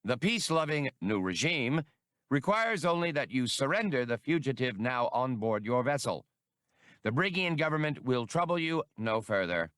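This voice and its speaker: A man's voice: medium pitch, sing-song, moderate pace, a bit bright, no echo, clean studio sound, voice pushed up. A man voicing a pompous male alien police chief with a forced, hearty manner.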